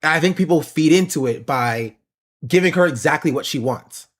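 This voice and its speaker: Male streamer, slightly high voice, opinionated political commentary, explains points. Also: normal speed.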